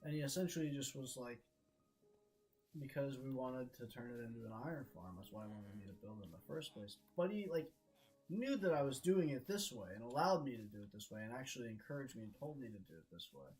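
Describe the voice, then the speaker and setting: A man's voice: mid-range voice, expressive, a little fast, darkish tone, low-quality recording. A young man streaming a game, telling a frustrated story in a casual, swear-heavy rant. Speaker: gaming streamer. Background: background music.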